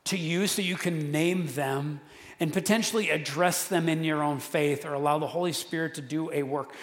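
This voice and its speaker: Conversational preacher in an echoing hall. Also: male voice, fairly high pitch, moderate pace. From central Wisconsin. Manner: casual, conversational preaching with many restarts and fillers. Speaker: pastor. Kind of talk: sermon. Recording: echoey hall with long reverb.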